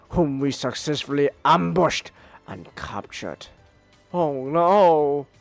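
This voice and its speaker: A man's voice: medium pitch, vocal fry, no echo. A man voicing a boastful male robot crocodile prison warden in a comic read aloud on stream. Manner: gloating villain monologue read aloud.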